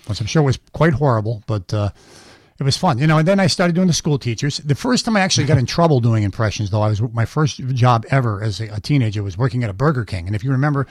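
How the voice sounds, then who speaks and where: Fast-talking impressionist man, animated. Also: medium pitch, no room sound, clean studio sound. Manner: animated storytelling, quick and emphatic. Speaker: impressionist guest. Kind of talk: casual interview chat.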